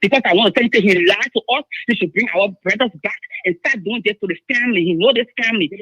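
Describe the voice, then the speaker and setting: A woman's voice: mid-range voice, fast, sharp tone, slightly rough, dry recording. A woman with a Liberian English accent, calling in to a show, speaking urgently and insistently and repeating herself. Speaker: caller. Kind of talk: emotional phone-in account. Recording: dull phone line.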